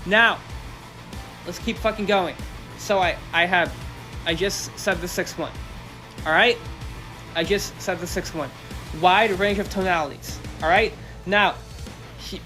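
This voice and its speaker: A man hosting a solo podcast, talking bluntly and emphatically with lots of swearing and swinging his pitch up and down. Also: sharp tone. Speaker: podcast host.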